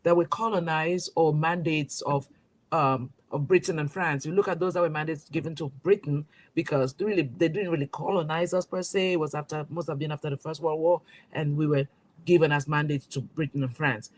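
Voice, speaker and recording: A woman's voice: low-pitched, steady tone, brisk. A woman from Cameroon, a magazine publisher, speaking as an interview guest with emphatic rhetorical questions and frequent restarts. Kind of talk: impassioned interview talk.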